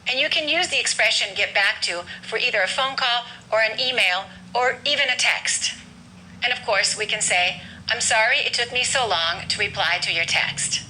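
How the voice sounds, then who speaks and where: A woman teaching English vocabulary and pronunciation, speaking clearly and deliberately and repeating model phrases slowly. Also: fairly high pitch, bright, forceful tone, slight background noise, rough recording. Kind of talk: scripted English lesson.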